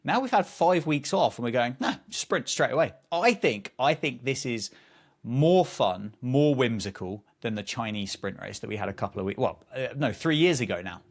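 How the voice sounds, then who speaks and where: A man's voice: mid-range voice, animated, normal speed. A male podcast host in casual chat, playful and rambling with plenty of enthusiasm.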